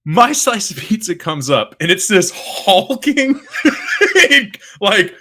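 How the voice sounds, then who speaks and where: A man's voice: high voice, slow. A young man with an East Coast accent, co-hosting a podcast and telling a story in a casual, profane, laughing way. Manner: animated, profane, laughing often. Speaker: podcast co-host.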